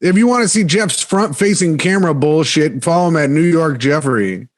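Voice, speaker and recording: Man, podcast co-host, fairly high voice, jokey, laughs a lot, casual banter. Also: animated. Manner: joking, laughs often, reads jokes haltingly.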